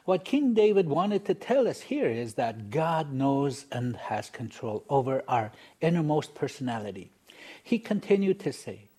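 A man giving a scripted devotional talk in a measured, read-aloud way. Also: medium pitch, dark tone, husky. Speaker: preacher.

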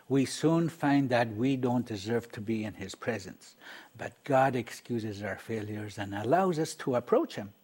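A man hosting and narrating in a measured, reflective scripted style, inviting listeners to call. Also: medium pitch, a little mellow. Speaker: program host and narrator.

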